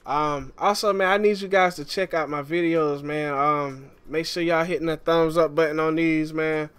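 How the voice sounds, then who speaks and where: A man casually walking viewers through a game tutorial, relaxed and chatty, often calling the listener "man". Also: fairly high pitch, normal speed, smooth. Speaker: gaming YouTuber.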